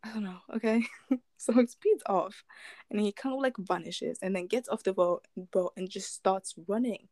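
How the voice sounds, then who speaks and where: A woman's voice: medium pitch, moderate pace, darkish tone, no echo. A woman casually retelling a true crime story, rambling with fillers, restarts and chuckling asides.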